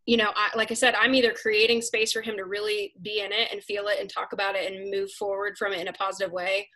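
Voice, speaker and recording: Candid mom host, chatty and self-mocking. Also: female voice, mid-range voice, quick pace, rough recording. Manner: candid, self-mocking, animated when quoting herself. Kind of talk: casual live chat.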